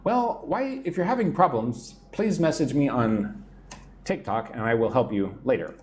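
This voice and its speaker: American male English teacher, live stream on a phone, chatty, responds to viewer comments, expressive pitch. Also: moderate pace. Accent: General American. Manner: chatty, reads viewer comments aloud and answers them.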